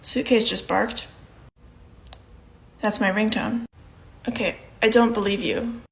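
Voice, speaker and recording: A woman's voice: mid-range voice, fairly even intonation, takes it slowly, vocal fry. A young woman performing short comedy sketches, playing every part herself with a dry, matter-of-fact delivery.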